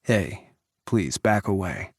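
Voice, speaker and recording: A man's voice: sits low, animated, slow pace, husky, no room sound, studio quality, voice pushed down, full character voice. A man voicing a tense, furious security leader who speaks in clipped orders.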